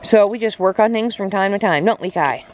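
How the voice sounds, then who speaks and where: Out on a poultry farm, a woman vlogger with a medium-pitched voice talks briskly and casually, teasing her animals in a baby-talk tone. The noisy outdoor recording is filled with clucking chickens and crowing roosters.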